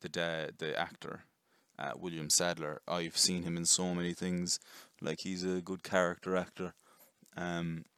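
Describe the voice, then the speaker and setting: A man giving a casual, rambling movie review, chatty and quick to swear. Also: sits low, level tone, fairly bright tone, clear, resonant tone, no room sound, clean studio sound. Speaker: film reviewer.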